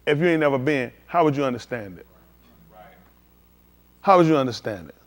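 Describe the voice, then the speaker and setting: A man's voice: medium pitch, lively intonation, fairly quick. A man preaching at a livestreamed scripture teaching, emphatic and slangy, firing rhetorical questions at his listeners. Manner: slangy street talk.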